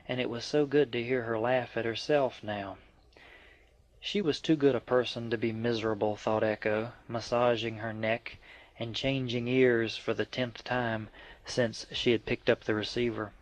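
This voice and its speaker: A man reading a novel aloud in a steady, even narrating voice. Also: medium pitch, a little slow. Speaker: audiobook reader. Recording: dry, dull lo-fi.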